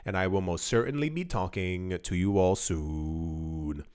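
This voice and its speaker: A man's voice: deep voice, measured pace, darkish tone. A man hosting a casual video, talking straight to camera with emphatic, repetitive phrasing and lots of restarts. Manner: emphatic, repeats words and stumbles, acts out quoted voices. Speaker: crypto video host. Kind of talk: casual direct-to-camera commentary.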